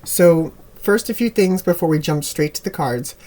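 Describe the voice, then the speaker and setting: A man giving a casual tarot reading to camera in a relaxed, rambling way with frequent ums, his voice a little worn, recorded on a camera mic at home with birds heard behind him. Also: on the high side, moderate pace. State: slightly losing voice. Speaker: tarot reader. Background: birds chirping.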